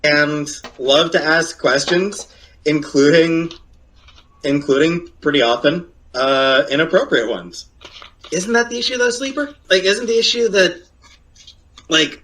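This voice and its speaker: A man's voice: measured pace, a bit bright. A man streaming and chatting casually, rambling and hesitant with filler words. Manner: rambling and hesitant, with sudden high leaps of pitch. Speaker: streamer in a reacted-to clip.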